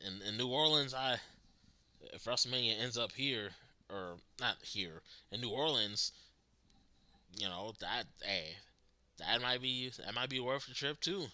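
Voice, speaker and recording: A man's voice: mid-range voice, a little slow, dry recording. A man hosting a live reaction stream, chatting casually with viewers and laughing often. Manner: animated, laughs often, talks to chat viewers. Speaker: livestream host reacting to wrestling.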